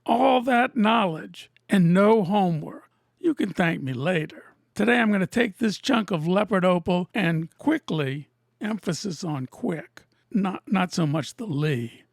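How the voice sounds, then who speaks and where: A woman who cuts and sells opals, narrating her workshop video in a deadpan, teasing way. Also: fairly low pitch, vocal fry, no room sound, clean studio sound. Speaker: opal cutter and seller. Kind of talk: narrated lapidary video with jokes.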